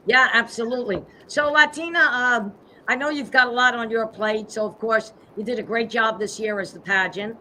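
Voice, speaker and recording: Bright-voiced woman hosting a live stream. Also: fairly high pitch, slight background noise. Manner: upbeat, promotional, spells out web addresses slowly. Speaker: host and pageant CEO.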